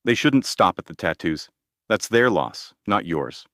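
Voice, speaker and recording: A man's voice: low voice, very animated, a little slow, fairly bright tone, dry recording, studio quality, exaggerated voice. A man reading the lines of a blunt, boastful older male president, in a direct manner full of superlatives. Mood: insistent.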